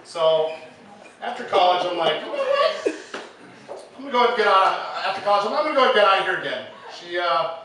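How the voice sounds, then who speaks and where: Stand-up comic, man from Illinois, high voice, casual rambling delivery, taped far off in an echoey room. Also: animated, noisy background. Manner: casual storytelling with many fillers and quick acted quotes. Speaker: stand-up comedian. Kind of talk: stand-up comedy set. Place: live comedy venue.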